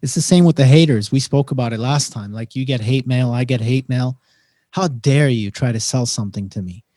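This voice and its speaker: A man's voice: medium pitch, a little fast, dry recording, clean studio sound. A man chatting as a podcast guest, telling stories with emphasis and acting out bits of dialogue. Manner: animated storyteller who acts out dialogue and often says "man". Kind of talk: casual conversation.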